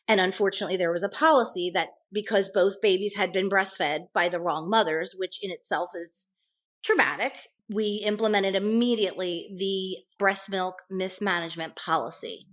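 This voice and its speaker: A woman's voice: medium pitch, moderate pace, a bit bright. A middle-aged woman, a nurse interviewed as a guest, telling her account in earnest detail with frequent restarts. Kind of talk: conversational interview storytelling.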